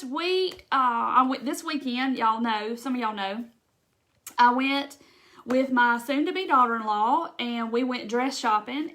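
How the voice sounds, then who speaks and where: A middle-aged woman with a Southern US accent, hosting a casual craft livestream and chatting with viewers. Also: on the high side. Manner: chatty, warm-hearted, says y'all, tearful at times. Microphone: phone or webcam livestream.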